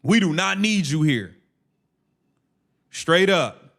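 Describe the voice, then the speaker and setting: A man's voice: high-pitched, animated, slow, a bit bright. A man hosting a casual live watch-along stream, calling the plays and ranting in heated slang.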